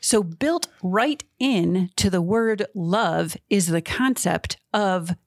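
A woman's voice: mid-range voice, slow pace, dry recording. Earnest middle-aged woman, dry close sound. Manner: earnest, enthusiastic storytelling. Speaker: podcast co-host. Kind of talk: casual Bible discussion.

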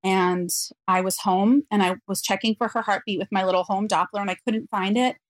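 A woman guest on an interview podcast, telling a personal story in an earnest, reflective way with frequent pauses. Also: medium pitch, steady tone, no echo.

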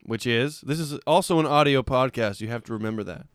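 A man's voice: mid-range voice, brisk, no room sound, studio quality. A man co-hosting a podcast, mocking his friend with sarcastic jokes in casual banter. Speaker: podcast co-host.

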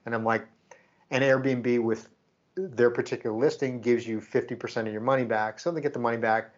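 Animated man telling a story, lo-fi. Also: medium pitch, brisk. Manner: animated, acts out quoted exchanges. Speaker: podcast co-host. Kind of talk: casual storytelling chat.

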